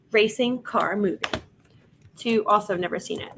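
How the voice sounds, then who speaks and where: A woman's voice: medium pitch, normal speed, noisy background. A woman hosting a casual reselling livestream, chatting with viewers while she lists items and laughing often. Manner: chatty, laughs often, reads chat aloud.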